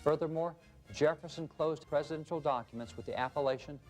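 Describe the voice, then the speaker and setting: A man's voice: fairly high pitch, brisk, soft background music. A man speaking as a guest historian, emphatic and fond of lists of rhetorical questions. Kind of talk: interview answers, then scripted narration.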